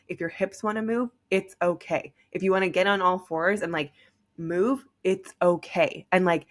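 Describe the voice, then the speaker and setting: A young woman hosting a podcast, telling a personal story in a casual, chatty way, full of "like.". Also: fairly low pitch. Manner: chatty, heavy use of "like". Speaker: podcast host.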